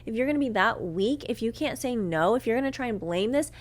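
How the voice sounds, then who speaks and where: A woman's voice: fairly high pitch, animated, fairly quick. Young woman ranting thru a breakup story on her podcast, swears a ton, does everyone's lines. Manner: heated, swears a lot, acts out quotes. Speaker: podcast host. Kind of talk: storytime monologue.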